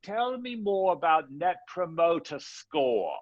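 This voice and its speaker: A man doing a jokey Cockney caller voice, pitched way up into a squeaky, cartoonish register. The recording is dry and a little dull, like a home remote setup. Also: expressive, takes it slowly, no room sound, full character voice. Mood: playful. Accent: put-on Cockney. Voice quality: high squeaky put-on voice. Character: exaggerated Cockney-accented male caller.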